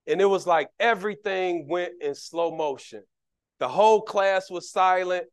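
A middle-aged man, preaching a sermon full of personal stories and lively swings between loud and soft. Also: high-pitched, moderate pace, clear, resonant tone. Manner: animated, jumps between loud and soft, acts out quoted voices; conversational, repeats words while building a point. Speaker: deacon preaching.

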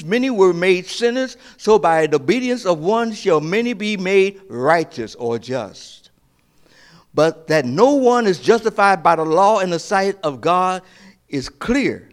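A high-voiced male pastor preaches a sermon, posing questions to his listeners and answering them himself. He hesitates and restarts in quieter stretches, then rises to emphatic peaks.

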